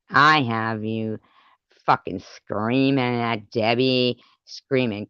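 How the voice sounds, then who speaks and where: A woman vents in an angry vlog rant, swearing and taunting as she hammers her points home with repeated words. Her voice is smooth and clear, and she talks at a slow, deliberate pace. The recording is dry and dull, with a lo-fi sound. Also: extremely low pitch, fairly even intonation, fairly bright tone, no room sound. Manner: profane and confrontational, taunting. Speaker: vlogger.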